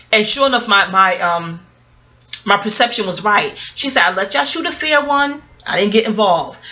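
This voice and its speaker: A middle-aged woman vlogger telling a story in a casual monologue, profane, animated and wisecracking. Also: mid-range voice.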